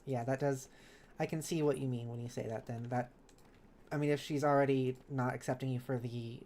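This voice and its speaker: A woman's voice: a bass voice, fairly even intonation, brisk, dark tone, a little hiss or hum. A woman streamer in casual live chat while gaming, reading viewers' messages aloud and answering them kindly. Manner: chatty and self-correcting, with laughs.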